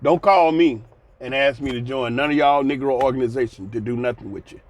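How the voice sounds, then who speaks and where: A man's voice: mid-range voice, fairly quick. A man in his sixties giving blunt, folksy commentary, ranting and sighing between points. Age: 60s. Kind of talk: casual commentary vlog.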